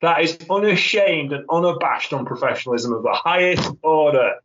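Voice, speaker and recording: A man's voice: a little high, moderate pace, fairly bright tone. A man hosting a casual wrestling podcast, chatty and wry with rambling asides. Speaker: podcast host. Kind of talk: casual chat. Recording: dull lo-fi podcast audio.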